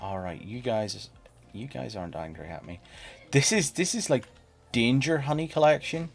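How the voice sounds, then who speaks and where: A man of medium pitch talks at a normal speed with vocal fry, soft music playing behind him. He's streaming a game and chatting casually, playful and talkative as he teases the creatures on screen.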